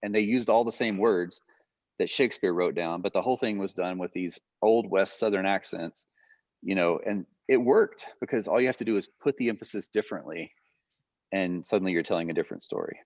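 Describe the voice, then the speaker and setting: Male guest lecturer, low voice, relaxed off-the-cuff teaching, dull lo-fi audio. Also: a little fast, no room sound. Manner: loose, thinking aloud with fillers. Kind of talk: conversational teaching. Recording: muffled lo-fi audio.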